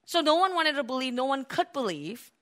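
A woman preaching a sermon, animated, acting out the voices of the people in her story. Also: high-pitched, brisk. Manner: animated, acts out voices of biblical figures.

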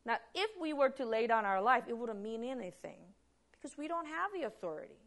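A woman preaching a Bible sermon, posing rhetorical questions and answering them, shifting from hushed lines to loud emphasis. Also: on the high side, animated, a little fast.

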